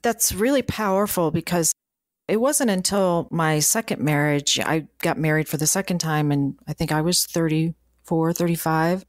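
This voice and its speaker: A woman's voice: sits low, no echo, clean studio sound. A middle-aged woman hosting an interview, answering her guest with affirming, personal reflections. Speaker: podcast host. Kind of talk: conversational interview.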